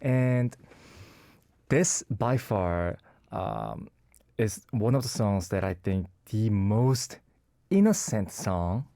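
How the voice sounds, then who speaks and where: On a radio music show, a male co-host casually introduces his song pick, hesitating and searching for words with many fillers and restarts. His voice is fairly low, sing-song and slow, with vocal fry and a dark tone. The recording is studio quality with no room sound.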